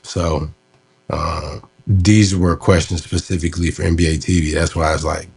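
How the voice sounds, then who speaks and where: A man with a very low, husky voice talks through an old interview he did. He explains how it worked in an easy, relaxed way, full of fillers. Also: normal speed. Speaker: host looking back on an old interview. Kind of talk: casual commentary.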